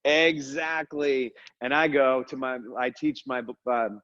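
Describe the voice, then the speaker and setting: An energetic man hosts a casual podcast, talking fast and joking as he wanders off on tangents. His voice sits at a middle pitch and comes through a dry, close mic. The sound is a little dull, like compressed podcast audio. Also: no room sound. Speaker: dental practice business coach, podcast host.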